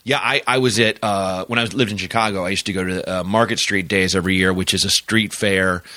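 Bright-voiced man telling animated stories. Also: low-pitched, brisk, dry recording. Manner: animated storyteller acting out quoted people. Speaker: comedian guest. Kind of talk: casual podcast chat.

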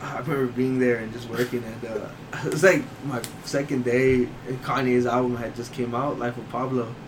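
A man's voice: mid-range voice, flat delivery, normal speed. A young man casually telling stories to friends, loose and rambling, full of fillers and swearing. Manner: swearing freely, laughs through punchlines. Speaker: storyteller among friends. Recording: noisy ambient background.

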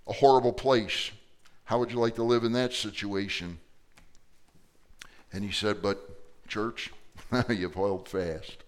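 Man preaching with a smooth voice. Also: fairly low pitch, steady tone, takes it slowly, long pauses. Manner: storytelling, rising to loud emphatic preaching. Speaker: pastor. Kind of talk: sermon.

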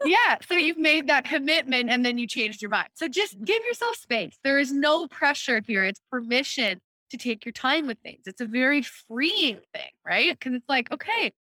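A woman hosting a casual chat, explaining an idea in a lively way, often checking in with "right?" and acting out quoted thoughts. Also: high-pitched, normal speed, few pauses, no room sound. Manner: lively, acts out quoted inner voices, frequent "right?". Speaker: host explaining a personal decision-making method.

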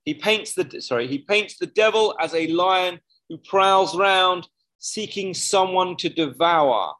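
Male preacher with a slightly high voice, chatty sermon delivery with frequent self-corrections. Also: measured pace, a bit bright, low-quality recording.

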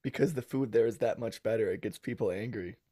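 A man from the United States, a guest on a podcast, talking in a relaxed, reflective way and laughing easily. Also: on the low side, brisk, no room sound, clean studio sound. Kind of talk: casual podcast chat.

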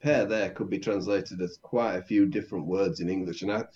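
Man, learner reading lines aloud, low voice, muffled lo-fi audio, casual. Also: steady tone, a little fast, darkish tone. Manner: reads lines aloud and works through translations, light joking. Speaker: Italian learner, co-host. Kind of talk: casual language lesson.

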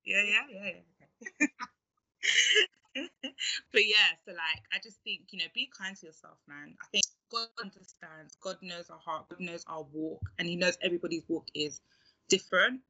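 A woman's voice: lowish voice, steady tone, moderate pace, sharp tone, highs cut off. A woman with a London accent, a guest on a faith podcast, talking in an encouraging, preachy way and laughing often. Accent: London English. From England. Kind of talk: faith-based podcast chat.

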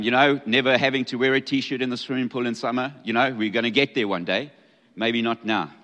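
A middle-aged man delivers a sermon in a relaxed, chatty manner, mixing jokes into the teaching. His voice sits at an ordinary pitch for a man. A long reverb trails his words, as if he is speaking in a large hall. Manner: conversational and humorous, acting out scripture dialogue. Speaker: pastor.

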